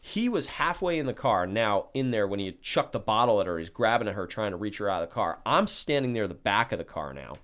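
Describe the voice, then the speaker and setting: Young man, podcast host, casual storytelling, swears a lot, acts out quotes, pitch swinging up and down. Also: very animated, brisk, few pauses, fairly bright tone.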